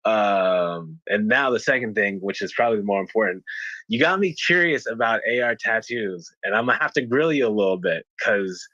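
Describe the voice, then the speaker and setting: Man, low voice, loose filler-heavy chat, dry lo-fi audio. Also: animated, moderate pace, pushed and bright, no room sound. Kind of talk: casual chat.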